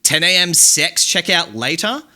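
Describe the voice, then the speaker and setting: A brash, hyped-up male streamer, as a man puts him on, firing off crude, jumpy chatter. The voice sits a bit high and swings a lot, bright and sharp in tone. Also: animated, unhurried, full character voice.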